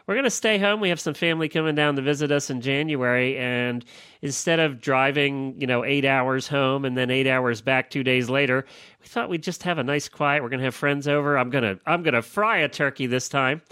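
A man's voice: mid-range voice, fairly quick, pushed and bright, clear, resonant tone, dry recording, clean studio sound. A man co-hosting a casual chat, telling his plans in an easygoing, self-deprecating way.

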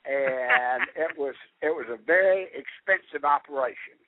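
An older man with a Southern American accent, calling in to a radio show and chatting in a folksy, halting way. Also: a little high. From Southern United States. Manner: folksy, halting, with many restarts. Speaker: caller. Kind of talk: casual call-in chat. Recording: tinny phone line.

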